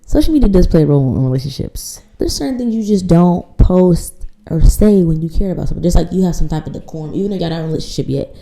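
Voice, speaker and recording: A woman's voice: fairly low pitch, expressive, fast talker, creaky, warm tone, rough recording. A woman in her late twenties hosting a podcast, telling a personal story in candid casual chat, blunt and swearing freely. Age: late 20s. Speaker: podcast host.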